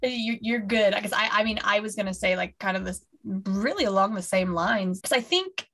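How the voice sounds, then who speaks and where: Woman cohost rambling excitedly about her fave band, kinda gravelly fry, medium pitch. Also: normal speed. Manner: gushing, rambling with many restarts. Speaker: podcast co-host. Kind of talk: casual chat.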